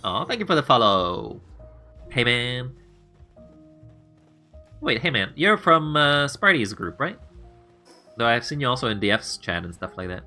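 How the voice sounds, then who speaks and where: A male streamer rambles casually to his chat while playing, often breaking into laughter. His voice is bright and forward at a middle pitch. Faint music plays behind him.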